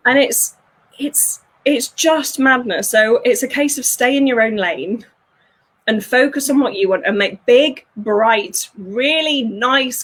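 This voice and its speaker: A woman, working as a fulfillment coach, talks through ideas in an animated way, laughing often and acting out voices. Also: fairly high pitch, breathy edge. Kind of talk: conversational interview.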